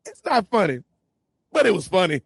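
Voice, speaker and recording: A man co-hosting a podcast, his voice on the higher side. He talks casually and gets animated, slipping into quoted lines from the show as he retells it. The sound is dry and close. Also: fairly quick, creaky, husky, no room sound. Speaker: podcast co-host. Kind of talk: casual review chat.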